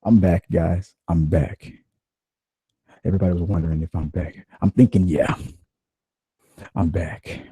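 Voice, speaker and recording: A man hosting a podcast in casual, profane, animated rants that ramble from point to point. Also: low voice, a little slow, pauses often, slightly rough, no room sound. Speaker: podcast host. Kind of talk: casual ranting chat.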